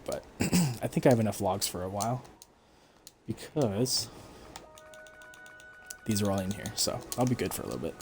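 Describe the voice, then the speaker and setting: A man giving relaxed, explanatory commentary over his own gameplay stream, with frequent fillers. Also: fairly low pitch, normal speed, pauses often, faint music behind. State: hiccups. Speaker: gaming streamer.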